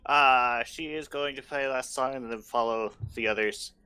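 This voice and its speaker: A man's voice: mid-range voice, fairly even intonation, normal speed, pushed and bright, clean tone, no echo. A man in a tabletop role-play, describing his character's actions plainly. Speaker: player.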